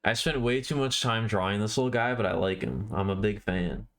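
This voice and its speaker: A man's voice: on the low side, a little fast. A man live-streaming, talking casually to his chat while he draws, often restarting and correcting himself. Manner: rambling, self-correcting, talks to viewers while drawing. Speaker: livestreamer.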